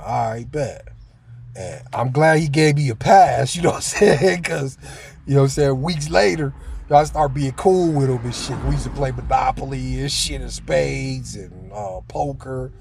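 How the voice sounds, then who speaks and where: A man's voice: medium pitch, vocal fry, a little mellow, slight background noise. A man telling a story in a casual, slangy monologue, full of filler phrases and laughter. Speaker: vlogger.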